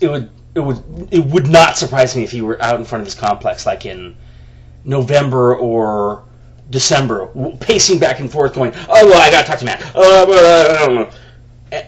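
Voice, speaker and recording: A man venting to the camera in a heated, profane rant. He often restarts his sentences, and he talks to himself by name. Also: mid-range voice. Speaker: vlogger.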